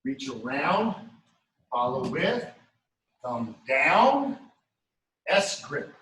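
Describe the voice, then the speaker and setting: Male martial arts coach, bright voice slightly high, echoey room, mic at a distance. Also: very slow, a little hiss or hum. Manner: steady coaching cues, talks through moves step by step. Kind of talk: class instruction. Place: training studio.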